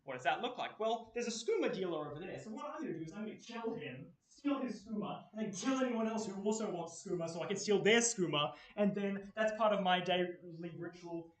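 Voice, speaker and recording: A young adult Australian man with a voice that sits high gives a casual, rambling workshop talk in a university lecture room. He's chatty and full of fillers, and the mic is far off, picking up a roomy echo.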